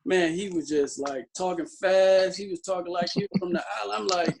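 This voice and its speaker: A man's voice: high-pitched, fairly even intonation, normal speed, gravelly, noisy background. A man who is a guest in a casual interview, telling stories loosely with lots of fillers and restarts.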